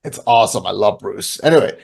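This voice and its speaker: A man co-hosting a casual podcast, rambling with many fillers and breaking into booming impressions. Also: animated, quick pace, gravelly, a little mellow, husky. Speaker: podcast co-host.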